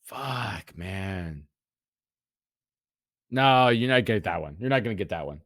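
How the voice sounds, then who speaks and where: A man's voice: fairly low pitch, a little slow, no room sound, studio quality. A man in his forties, a podcast guest, telling rambling, profane stories in a casual way. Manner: profane, rambling, animated retelling. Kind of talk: casual storytelling.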